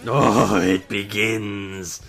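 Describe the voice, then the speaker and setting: Male gamer, lowish voice, unhurried delivery, panicky self-talk that turns to reassurance, faint game music behind. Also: fairly even intonation, a bit bright. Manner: frantic self-talk, swinging between panic and self-soothing. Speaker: let's player. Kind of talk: let's play commentary.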